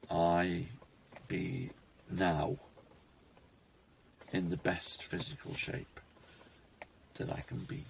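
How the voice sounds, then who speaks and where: A man, talking reflectively to his phone camera in a rambling personal vlog, pausing and restarting often. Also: low-pitched, monotone, vocal fry, a little hiss or hum. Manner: reflective, halting, with many restarts. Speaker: vlogger.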